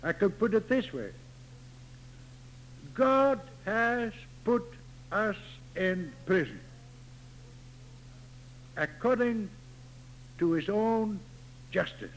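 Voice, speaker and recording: A man preaching a sermon slowly and deliberately, stressing key words through repetition. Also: high-pitched, lively intonation, low-quality recording. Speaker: pastor.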